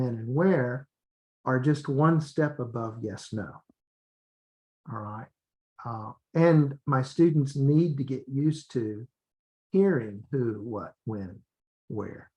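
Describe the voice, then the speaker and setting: A man, an English teacher, explaining classroom methods in a relaxed training talk, repeating drill phrases and restarting often. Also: mid-range voice, lo-fi sound.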